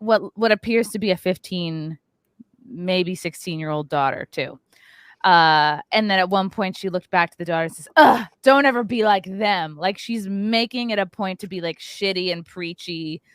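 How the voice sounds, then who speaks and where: A woman, hosting a podcast and telling a story in a lively chat, acting out the voices of the people in it. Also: fairly low pitch, smooth, dry recording, clean studio sound. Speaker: podcast host.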